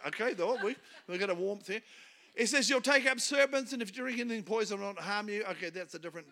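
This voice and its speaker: A middle-aged man with a New Zealand accent preaches as a guest speaker. His voice sits high and sounds bright and forceful. He keeps the tone light and joking and laughs at his own punchlines. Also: fast talker. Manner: humorous, animated, laughs at his own jokes. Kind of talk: storytelling sermon.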